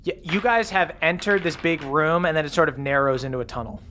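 Brief: game master describing a dungeon, easygoing, average pitch, casual pauses. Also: a little hiss or hum. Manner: descriptive, relaxed narration with fillers. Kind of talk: narrating a tabletop game.

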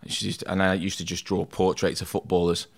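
A young man tells a long story in a relaxed, chatty way, with a fairly low voice. He slips into quoted voices as he recounts what people said. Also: brisk, creaky. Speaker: tattoo artist guest. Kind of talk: casual storytelling interview.

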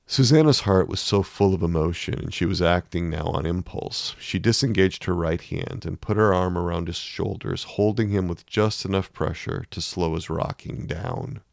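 A man narrating a story in a measured, emotive reading. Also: deep voice, gravelly, no room sound, studio quality.

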